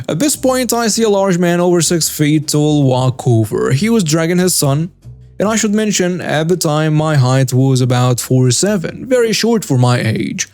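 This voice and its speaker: A man reading out a first-person story in a brisk, matter-of-fact scripted narration. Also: fairly high pitch, animated, darkish tone, faint music behind.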